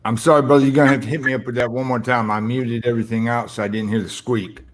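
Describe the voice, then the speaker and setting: A man's voice: mid-range voice, little pitch movement, fast talker. A man joining a livestream chat, friendly and laid back, calling others brother. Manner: friendly, calls people brother. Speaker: guest on a livestream. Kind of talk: casual chat.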